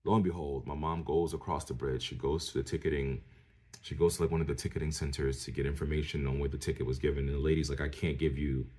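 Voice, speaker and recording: A man from New York telling his viewers a personal story in a casual, animated way. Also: very deep voice, fast, husky. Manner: animated, talks straight to viewers, acts out the people he quotes. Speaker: storyteller vlogger.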